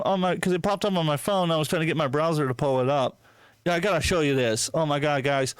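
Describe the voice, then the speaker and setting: A man with a slightly raised pitch hosting a casual podcast, swearing freely and sounding incredulous. The sound is dry and close on the mic. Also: fast talker, clear, resonant tone, dry recording. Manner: profane, incredulous, excitable. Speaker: podcast host.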